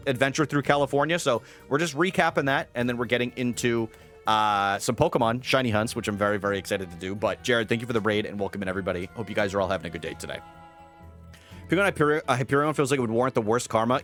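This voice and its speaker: A man's voice: medium pitch, fairly bright tone. A young man chatting casually on a live stream, greeting viewers and rambling with fillers.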